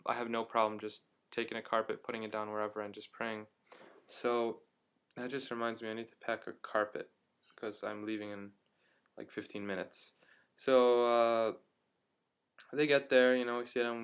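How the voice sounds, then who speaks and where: A young man casually telling a story to his camera at home, chatty and animated, with many fillers. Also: on the low side, smooth. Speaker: vlogger.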